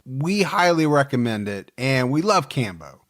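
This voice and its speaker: Male podcast host, casual chat, lively pitch, easygoing. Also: unhurried. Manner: easygoing, chatty.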